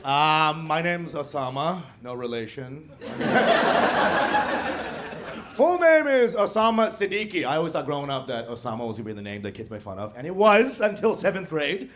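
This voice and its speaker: A man's voice: a little high, sing-song, moderate pace, heavy background noise. A man from Texas doing a brash stand-up comedy set, bantering with the crowd. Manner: brash, crowd-work banter, puts on voices for quotes. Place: comedy club stage with audience. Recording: loud audience laughter behind.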